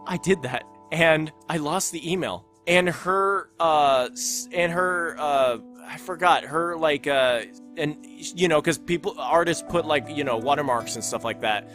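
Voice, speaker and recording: Young man, gameplay commentary, rambling and excitable, slightly high-pitched, faint game music behind. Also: unhurried. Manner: rambling, excitable, self-conscious. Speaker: gaming channel host.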